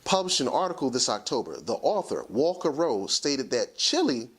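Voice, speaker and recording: A talk show host lectures his audience emphatically, easing his pace to drive points home. His mid-range voice is husky with a sing-song lilt.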